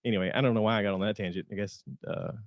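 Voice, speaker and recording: A man's voice: on the low side, fairly even intonation, racing, no room sound, dull audio. Laughing, tangent-prone man podcast host. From North Georgia, US. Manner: laughs often, drifts into tangents. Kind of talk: casual podcast chat.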